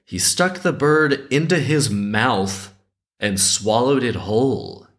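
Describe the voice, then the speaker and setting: A male host reading a dark folk tale aloud, breaking in with sarcastic, chuckling commentary. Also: medium pitch, expressive, slow pace. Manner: sarcastic asides, frequent chuckles. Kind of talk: story reading with comedic commentary.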